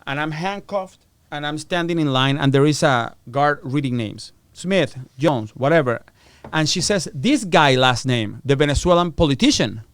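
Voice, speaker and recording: Animated man telling a crime story. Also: a little high, normal speed, hardly any pauses, clear, resonant tone, no echo. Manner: animated storyteller acting out quoted voices. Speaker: podcast guest. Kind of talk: storytelling interview.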